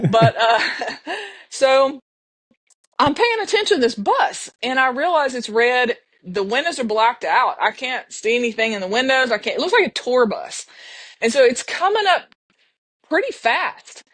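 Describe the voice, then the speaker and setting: A woman's voice: a little high, a bit bright, dry recording. A middle-aged woman, telling a personal story earnestly on a podcast. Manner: earnest, emotional, with restarts and laughs. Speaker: podcast guest. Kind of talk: casual storytelling.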